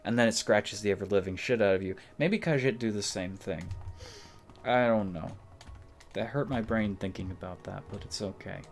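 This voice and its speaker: A man streaming an online game, rambling in low-key, chatty asides as he plays. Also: moderate pace. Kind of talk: casual rambling gameplay commentary.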